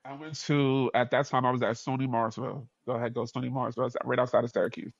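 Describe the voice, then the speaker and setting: A New Yorker with a New York accent tells a story as a podcast guest in casual conversation, racing through it with an animated, expressive delivery. He acts out the characters, often jumping up in pitch and laughing, his creaky voice otherwise at an ordinary middle pitch. The audio is dry and a little dull, with no echo.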